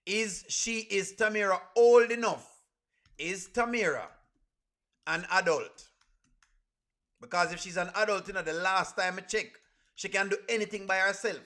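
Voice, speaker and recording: A Jamaican man with a bright, high voice streams casual live reaction commentary at a normal speed, pausing often. As a reaction streamer, he speaks in creole grammar and throws rhetorical questions at the chat.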